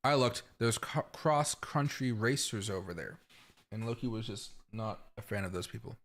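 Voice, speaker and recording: A man's voice: lowish voice, animated, normal speed, fairly bright tone. A man hosting a casual crypto livestream from home, chatty and rambling, talking straight to his viewers.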